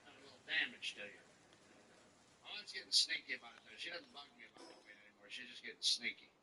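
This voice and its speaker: A man's voice: medium pitch, fast talker, sharp tone. A man performing a stand-up comedy routine with a punchy, joke-telling delivery. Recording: roomy distant recording with background noise.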